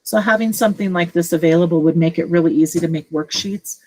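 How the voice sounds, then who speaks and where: A middle-aged woman with a slightly low voice leads a relaxed screen-share tutorial for fellow teachers. She talks casually, thinking aloud with small fillers as she goes. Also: fast, low-quality recording. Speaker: teacher leading a tech training session.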